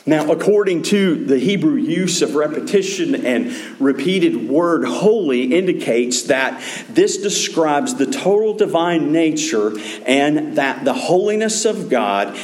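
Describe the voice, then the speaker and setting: A man's voice: a little high, lively intonation, measured pace, darkish tone. Man preaching a sermon in an echoey room. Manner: conversational preaching with many restarts. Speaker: pastor. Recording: roomy echo.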